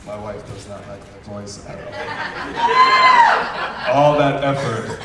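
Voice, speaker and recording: A man's voice: fairly low pitch, slow, over a noisy crowd, heavy background noise. A young man from Jamaica with a Jamaican accent, telling stand-up stories and acting out the voices. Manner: animated storytelling, acts out voices, swings loud and soft. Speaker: stand-up comedian. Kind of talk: stand-up comedy set. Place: comedy club stage. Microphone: handheld stage mic. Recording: echoey club from far off.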